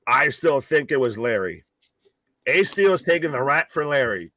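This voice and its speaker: A man's voice: medium pitch, very animated, moderate pace, pushed and bright, no room sound. A man co-hosting a casual wrestling podcast, cracking profane jokes and spinning mock stories. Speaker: podcast co-host.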